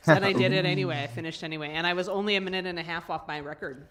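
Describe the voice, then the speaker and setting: A woman co-hosting a casual livestream chat, talkative and quick to laugh, trailing off mid-sentence. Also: on the low side, fairly bright tone. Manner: chatty, laughs often, trails off. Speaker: livestream co-host.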